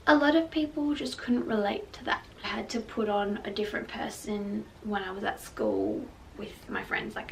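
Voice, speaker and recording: Young woman with a gravelly voice. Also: mid-range voice. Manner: candid, emotional, frequent "like" fillers. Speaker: vlogger. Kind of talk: personal storytelling to camera. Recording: slightly distant mic with faint background noise.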